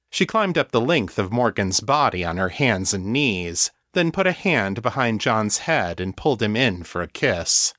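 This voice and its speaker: Slow, low-voiced male narrator. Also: fairly bright tone, dry recording, studio quality. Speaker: audiobook narrator. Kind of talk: scripted narration.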